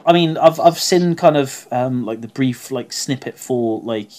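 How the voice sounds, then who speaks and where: A man's voice: mid-range voice, measured pace, darkish tone. A man co-hosting a podcast, chatting casually and hesitantly with many fillers. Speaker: podcast co-host. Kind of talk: casual chat.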